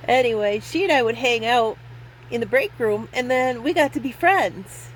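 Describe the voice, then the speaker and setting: A woman's voice: a little high, expressive, moderate pace, slight background noise, low-quality recording. A woman in her fifties telling rambling personal stories in a casual vlog, self-deprecating and laughing often. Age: 50s. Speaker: vlogger.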